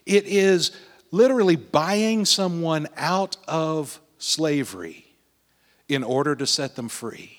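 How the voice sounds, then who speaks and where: Brief: pastor, slow and fairly high-voiced, with long reverb from the hall. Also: male voice, lively intonation. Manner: dramatic storytelling, swelling then dropping to a hush. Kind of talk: sermon.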